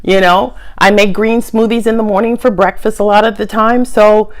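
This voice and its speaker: A middle-aged woman telling a personal story to her camera in a chatty, animated way, sometimes dropping to a hushed aside. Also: moderate pace. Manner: animated, chatty, big pitch swings, drops to a hushed aside. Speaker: vlogger.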